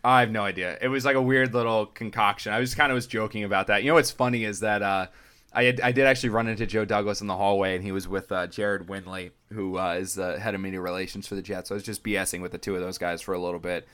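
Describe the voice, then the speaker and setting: Talking quickly with a clean tone, this young man tells stories on a sports podcast where he's a guest, drawing on his work as a sports reporter. He's a lively storyteller, voicing other people's quotes with big pitch jumps.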